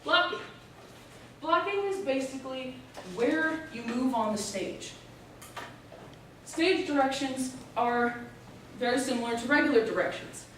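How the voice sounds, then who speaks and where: A woman's voice: sits high, far from the mic, slight background noise. Young woman in an echoey room. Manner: explanatory, steady, with occasional filler pauses. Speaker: student presenter. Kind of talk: informative speech.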